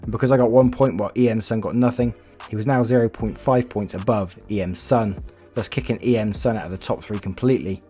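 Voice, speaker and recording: A man's voice: fairly low pitch, fairly even intonation, fast, warm tone, faint music behind. A man hosting a channel, reading viewer stories aloud in a casual, chatty way, laughing often and swearing freely. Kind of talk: casual read-aloud storytelling with commentary.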